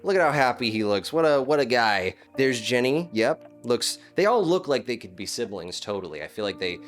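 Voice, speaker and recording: A man's voice: medium pitch, very animated, normal speed, faint music behind. A man ranting in casual commentary, swearing often and restarting words as he gets heated. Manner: profane, heated, stammering restarts.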